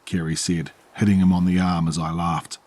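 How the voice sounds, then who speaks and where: Deep, husky New narrator. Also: male voice. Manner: calm, measured storytelling. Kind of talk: scripted horror narration.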